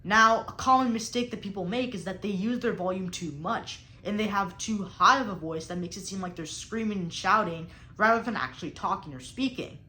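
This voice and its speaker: A woman's voice: mid-range voice, fairly quick, few pauses, sharp tone, roomy sound. A young woman who coaches debate, explaining speaking technique in an instructional talk and stressing key words on purpose. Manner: explanatory, emphatic, varies tone on purpose.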